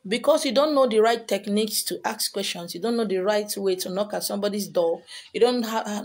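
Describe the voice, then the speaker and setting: A woman with a Nigerian accent holds forth to her viewers as a spiritual teacher. Her voice is husky and her pitch sits in the middle. She hammers her points home with repetition and pointed rhetorical questions. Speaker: spiritual teacher selling handouts. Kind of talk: lecturing monologue to viewers.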